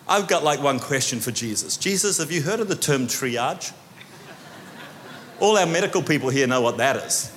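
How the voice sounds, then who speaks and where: A man from New Zealand with a New Zealand accent preaches with a high voice. He acts out voices and swings between loud shouts and quiet asides. His voice rings with a long reverb from the church hall. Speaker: pastor. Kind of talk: sermon.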